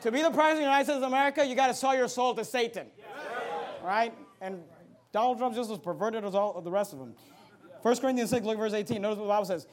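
A man pastor preaching a fiery sermon, moving between loud emphatic bursts and quiet asides. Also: very high voice, brisk.

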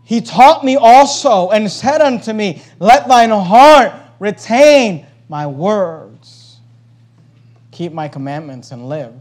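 Preaching with emphasis, the pastor speaks on the high side, shifting from loud to hushed and circling back to key phrases to press his message.

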